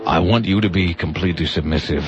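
Man doing a husky-low seductive lover, slow and drawn out, dull lo-fi radio sound. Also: over music, close to an everyday voice. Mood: mock seductive. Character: deep-voiced seductive man reading a love letter. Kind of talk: comic read of a letter on radio.

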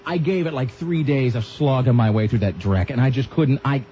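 A man's voice: mid-range voice, normal speed. A man hosting a radio talk show, rambling and sarcastic with vivid comic asides. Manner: rambling, sarcastic, animated impressions. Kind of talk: casual radio banter. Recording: dull radio broadcast with faint hiss.

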